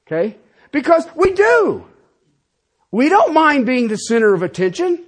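A husky-voiced middle-aged man preaching to his congregation, his pitch riding high and swinging widely. He presses his points hard, then drops into low, muttered asides. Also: wildly swooping pitch, normal speed. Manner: emphatic, swings between loud and quiet asides. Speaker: pastor. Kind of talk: sermon.

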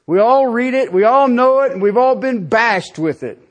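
A man's voice: very high voice, expressive, normal speed. A man preaching a sermon, emphatic and full of rhetorical questions, often stopping to check in with his listeners. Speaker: pastor.

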